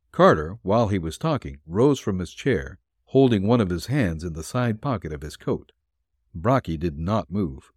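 A man narrating a dime-novel detective serial as an audiobook, expressive. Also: sits low, normal speed, breathy edge, no echo, clean studio sound.

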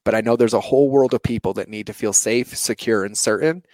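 In a dry recording, a man in his thirties with a lowish, slightly mellow voice talks fast. An entrepreneur guest in a reflective personal interview, he speaks earnestly about his life, his sentences full of "like" and "you know."

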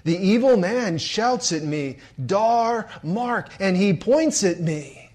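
A man voicing a frightened little girl who pleads with her father in quick, breaking bursts. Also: sits high, expressive, a little mellow, pitched above the performer's own voice. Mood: pleading.

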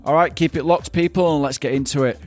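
A man hosting a podcast, friendly and relaxed, often restarting his questions. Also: on the high side, quick pace, dry recording, studio quality, faint music behind. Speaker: podcast host. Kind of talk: casual interview.

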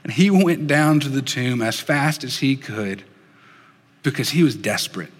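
A man preaching a sermon in an earnest storytelling way, dropping soft and slow for emphasis. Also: mid-range voice, expressive, long reverb tail. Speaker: pastor.

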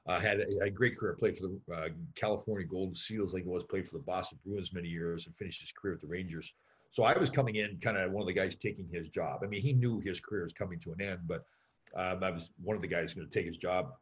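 A man's voice: low voice, fast. A middle-aged man, a former pro hockey player, telling anecdotes as an interview guest, with plenty of fillers. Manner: anecdotal, many fillers, acts out voices in quotes. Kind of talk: storytelling in an interview.

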